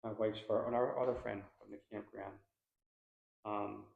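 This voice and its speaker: Brief: animated, slangy male paranormal investigator from Philly, gravelly voice, in an echoey room. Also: fairly low pitch, moderate pace. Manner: animated, slangy, says "dude". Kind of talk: casual interview chat. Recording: echoey room, dull sound.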